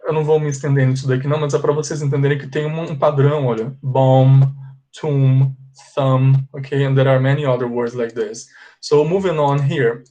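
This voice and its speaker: A man with a Brazilian Portuguese accent teaches English at a board in an unhurried classroom manner. His voice sits in a middle pitch. He stretches each example word and keeps checking in with his students. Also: a little mellow. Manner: explains slowly, stretches example words, checks in with "ok?". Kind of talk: bilingual classroom lesson.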